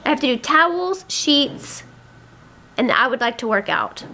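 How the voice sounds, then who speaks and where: A woman's voice: sits high, lively intonation, measured pace, a little hiss or hum. A woman in her thirties, a busy mom, chatting casually to the camera about her day, rambling and fed up with her squabbling kids. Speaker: family vlogger, mom. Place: family home. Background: children squealing and yelling.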